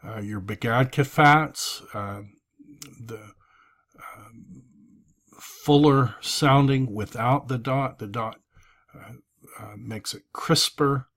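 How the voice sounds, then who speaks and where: A man teaching a recorded review lesson, drilling forms aloud in a slow, deliberate way with frequent fillers. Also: mid-range voice, a bit bright.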